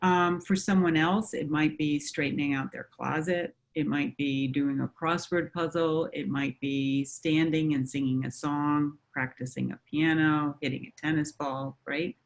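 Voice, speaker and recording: Measured woman counselor explaining calmly. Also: low-pitched. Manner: measured, explaining, with many fillers. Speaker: mental health counselor. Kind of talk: explanatory conversation.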